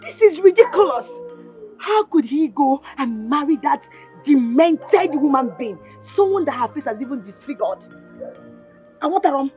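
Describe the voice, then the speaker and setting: A woman's voice: high-pitched, very animated, moderate pace, faint music behind. An actress playing an exclamatory young woman with a Nigerian accent in a Nollywood film. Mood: excited. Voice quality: exclamatory, dramatic. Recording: muffled film audio.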